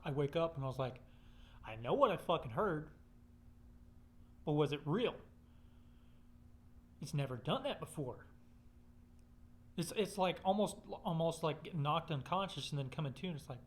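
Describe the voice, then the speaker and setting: A man's voice: a little high, expressive, normal speed, long pauses. Swearing, rambling man. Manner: profane, rambling, swears constantly. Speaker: storyteller. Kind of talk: casual personal storytelling.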